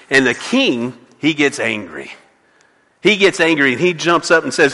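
High-voiced, bright male preacher in a hall. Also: normal speed. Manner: animated storytelling, asks the congregation for responses. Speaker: pastor. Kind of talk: sermon. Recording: long reverb of a large hall.

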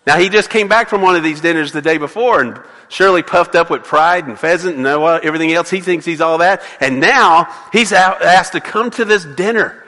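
High-voiced, bright male preacher in a hall. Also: moderate pace. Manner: animated storytelling, asks the congregation for responses. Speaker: pastor. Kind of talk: sermon. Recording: long reverb of a large hall.

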